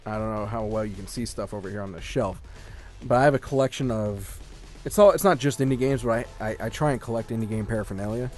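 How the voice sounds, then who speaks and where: Guy co-hosting a gaming podcast, rambly and excited, lots of likes and ums, faint music under it. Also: on the low side, quick pace. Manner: rambling, filler-heavy, enthusiastic. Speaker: podcast co-host. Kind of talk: casual gaming podcast chat. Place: home room with a shelf of collectibles.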